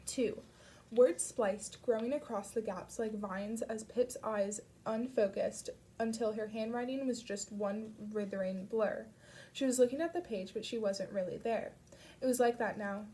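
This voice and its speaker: A woman reading an audiobook chapter aloud in a steady storytelling manner. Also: fairly high pitch, moderate pace, a little hiss or hum. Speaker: audiobook reader. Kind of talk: audiobook narration.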